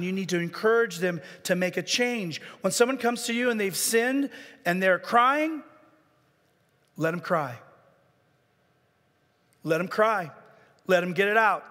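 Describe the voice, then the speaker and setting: A man giving a sermon as a guest pastor, preaching earnestly, dropping to a hush and then building up, and repeating words for emphasis. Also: sits high, long reverb tail. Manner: earnest preaching with dramatic soft drops and rising emphasis. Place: church sanctuary.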